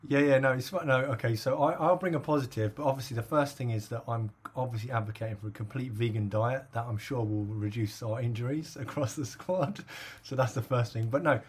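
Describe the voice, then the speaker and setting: In easygoing podcast conversation, a husky-voiced middle-aged man from England, pitched at an average level, co-hosts and meanders through a story. His delivery is brisk and nearly pause-free, peppered with "like," "obviously" and laughter.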